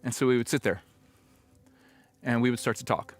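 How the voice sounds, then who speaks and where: A middle-aged pastor telling a personal story in a conversational, reflective sermon, now and then acting out old conversations. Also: male voice, mid-range voice, fairly even intonation, normal speed, husky, faint music behind.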